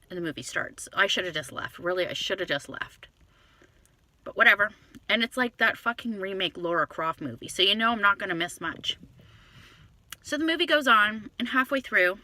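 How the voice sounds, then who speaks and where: A woman tells a dating story casually from inside her car, talking into a phone. Her voice is bright and her delivery animated and profane, full of quick asides. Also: mid-range voice, dry recording. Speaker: vlogger telling a story.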